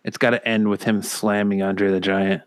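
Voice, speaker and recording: A man hosting a casual podcast chat, talking in a relaxed, easygoing way. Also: lowish voice, moderate pace, clean tone, no room sound.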